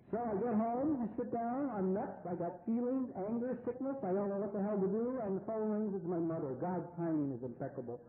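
A man's voice: high voice, moderate pace, background noise. A middle-aged American man giving a blunt, wry personal testimony at a recovery meeting. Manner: wry, blunt storytelling with swearing. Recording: echoey hall on tinny phone-line audio.

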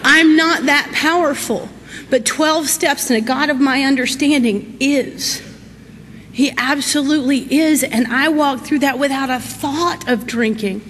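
A middle-aged woman, giving a folksy, animated personal recovery talk. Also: high-pitched, a little slow. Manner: folksy, animated, laughs through her story. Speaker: recovery meeting speaker. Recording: echoey hall with faint noise.

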